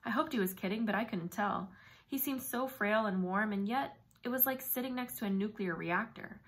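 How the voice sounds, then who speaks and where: A woman reading a novel aloud in first person, with brisk, vivid storytelling. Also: mid-range voice. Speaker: audiobook narrator.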